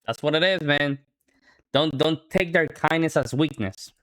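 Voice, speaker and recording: A man's voice: on the high side, a little slow, a bit bright. A man from the United States hosting a reaction video, talking in a laid-back, slangy way and calling his listeners man and bro. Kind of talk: casual reaction commentary.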